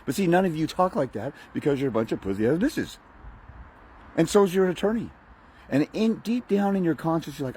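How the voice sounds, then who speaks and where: Man, fathers' rights advocate, mellow husky voice, preachy motivational rant. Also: mid-range voice, sing-song, fairly quick. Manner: blunt, profane, mocking; preachy, uses film analogies.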